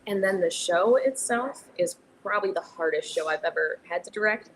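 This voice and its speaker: A young adult woman who directs theater chats casually in a podcast interview, her mid-range voice moving at a normal speed. She laughs easily and fills her talk with fillers and restarts. The audio is poor, with noticeable background noise.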